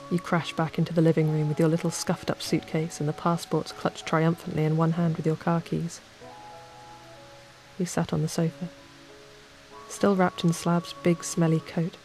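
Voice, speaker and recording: Gravelly woman telling a calm bedtime story. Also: fairly low pitch. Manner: slow, calm, second-person telling. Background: soft ambient music.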